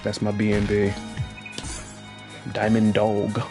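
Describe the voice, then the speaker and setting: A man streaming a fighting game, chatting to his viewers, laughing hard and teasing opponents with high, drawn-out catchphrases. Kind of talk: casual gameplay commentary. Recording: game music behind. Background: fighting game music.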